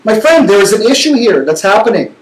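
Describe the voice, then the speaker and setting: A man hosting a talk show, arguing passionately and fast, repeating words when worked up. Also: sits high, sing-song, roomy sound, poor audio. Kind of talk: heated talk-show debate.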